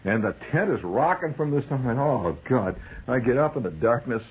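A man telling a comic, wry story about army life, acting out the shouted calls. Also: mid-range voice, very animated, normal speed, slightly rough, rough recording.

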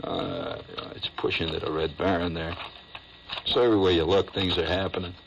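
A man's voice: low voice, big pitch swings, moderate pace, creaky, background noise. A man telling a rambling comic story on the radio, wry and full of asides. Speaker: radio host.

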